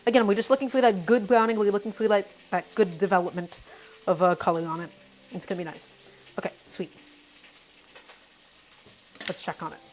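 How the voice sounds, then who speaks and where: A woman's voice: mid-range voice, steady tone, fairly quick, long pauses, a little mellow, a little hiss or hum. A woman hosting a casual cooking live stream, talking through each step and greeting her viewers by name. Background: faint music and sizzling pan.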